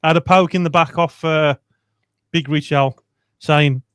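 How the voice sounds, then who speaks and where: A man's voice: on the high side, steady tone, normal speed, a bit bright, smooth. A young man hosting a casual fan podcast, chatty and laughing as he tells stories. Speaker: fan channel host.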